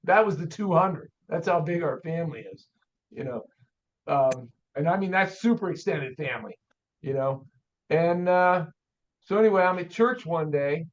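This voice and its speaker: An older man, an auto shop owner, telling a story in a folksy, animated way as a guest on an interview show. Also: fairly high pitch, moderate pace. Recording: dull lo-fi audio.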